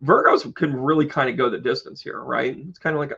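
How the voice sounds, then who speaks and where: Gravelly-voiced man chatting on a stream. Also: medium pitch, brisk, sharp tone, dull audio. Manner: chatty and joking, talking to viewers by name. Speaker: astrologer and tarot reader hosting a live stream. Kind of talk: casual live stream chat.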